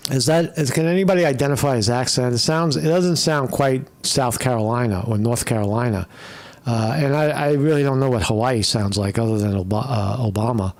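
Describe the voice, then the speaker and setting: A man's voice: medium pitch, a little fast, darkish tone. Rambling, profane male stream commentator. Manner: rambling, profane, keeps asking "right?". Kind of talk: casual live commentary.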